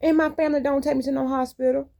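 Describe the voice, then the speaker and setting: A woman's voice: high voice, flat delivery, fast, gravelly, mellow. A woman vlogger rambling candidly to her viewers in a blunt, colloquial way. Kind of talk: casual monologue to viewers.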